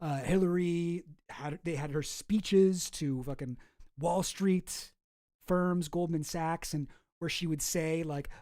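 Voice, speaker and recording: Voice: medium pitch, unhurried, darkish tone, dry recording, clean studio sound. A streamer from Canada giving casual, profane, rambling political commentary with a sarcastic edge.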